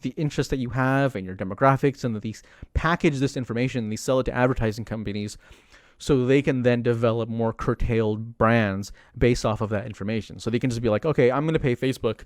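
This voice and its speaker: A young man chatting casually on a livestream, rambling with lots of fillers and animated asides. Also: medium pitch, fast talker, dry recording, clean studio sound. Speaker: streamer commenting on politics.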